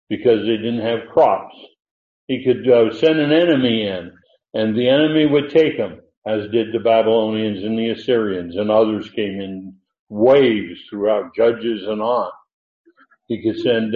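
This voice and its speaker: A man teaching scripture to a congregation, chatty and thinking aloud, stumbling over restarts and fillers. His voice comes through thin and phone-like, with an echo from the large room around him. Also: fairly low pitch. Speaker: Bible teacher. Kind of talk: verse-by-verse Bible teaching. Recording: echoey room, phone-like narrow sound.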